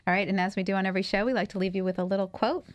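A woman's voice: mid-range voice, fairly even intonation. A female radio co-host in easy on-air chat. She sounds upbeat and keeps the talk moving. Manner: upbeat, quick affirmations.

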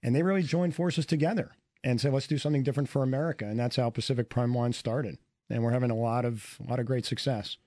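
A man's voice: mid-range voice, steady tone, fast talker, mellow, no room sound, clean studio sound. A man, a wine sales director, explaining his business plainly as a radio guest. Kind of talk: casual radio chat.

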